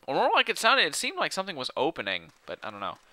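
Bright, chatty let's play man. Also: on the high side, wildly swooping pitch, fast talker, dry recording. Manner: laughs easily, chatty and rambling. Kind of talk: casual game commentary.

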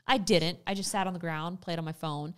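A woman's voice: fairly low pitch, a little fast, smooth. A young woman co-hosting a podcast, telling a story in casual chat and acting out what people said. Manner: animated storyteller, acts out quotes. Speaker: podcast co-host.

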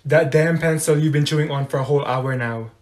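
A man's voice: a little high, brisk, pitched below the performer's own voice, lightly acted. A man voicing an irritated, blunt teenage girl classmate who snaps and swears, in a comedy sketch. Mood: annoyed. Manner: snappy and profane.

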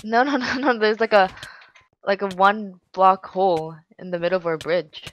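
A young woman chatting casually while gaming, giggly and teasing with excitable exclamations. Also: mid-range voice, normal speed, muffled recording, slight background noise. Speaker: gamer.

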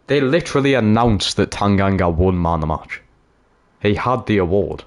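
Low-voiced excitable gamer. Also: male voice, normal speed. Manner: excitable, swings from cheering to groaning. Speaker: gaming YouTuber. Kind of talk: live gameplay commentary.

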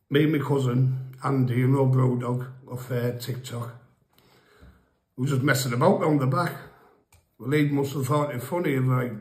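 A man casually telling rambling, funny stories about his past, laughing and swearing as he goes. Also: mid-range voice. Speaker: storyteller guest. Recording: echoey room.

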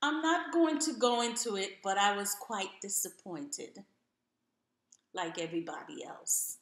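A woman's voice: medium pitch, very animated, a little slow, echoey room. A woman telling her own story to camera in an earnest, encouraging way, repeating phrases for emphasis.

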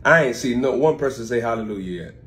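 A man's voice: mid-range voice, expressive, a little hiss or hum. Man preaching a live-streamed sermon. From United States. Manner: reads scripture slowly, then explains it with sudden loud swings; informal, chatty asides to online viewers.

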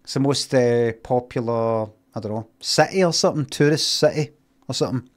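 A man's voice: medium pitch, brisk. A man with a Scottish accent telling a casual story on a stream. He mocks himself and argues back at himself as he talks. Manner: animated, self-mocking, argues with himself.

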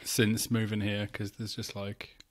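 Man with a lowish voice, guest on a home-recorded chat podcast, playful and jokey. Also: monotone, measured pace. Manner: jokey, trying out regional accents. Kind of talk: casual chat. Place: living room of a flat, indoors.

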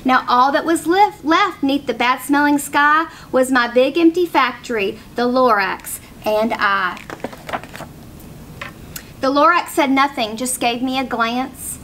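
Expressive woman reading a rhyming story. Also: high voice, unhurried, slight background noise. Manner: expressive, rhythmic rhyming delivery. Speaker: teacher reading aloud. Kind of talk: children's story read-aloud.

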